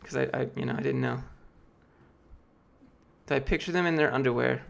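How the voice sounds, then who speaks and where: Late 20s guy losing his voice, fry in it, rambly casual stream talk w lots of likes and restarts. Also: mid-range voice, brisk. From Georgia, US. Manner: rambling, filler-heavy, restarts often. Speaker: streamer answering chat. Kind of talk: casual live-stream chat.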